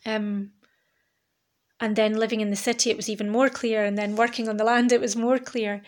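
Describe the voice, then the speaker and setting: A woman with a fairly high, flat voice speaks at a moderate pace, hosting her podcast alone. Her reflective solo monologue is candid and rambling, with the occasional swear word.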